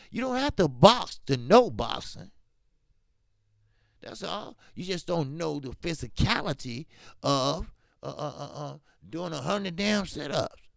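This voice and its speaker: Here a boxing talk show host with a fairly high voice and vocal fry runs a casual commentary livestream. The studio-quality audio has no echo, and his delivery is animated, emphatic and slangy.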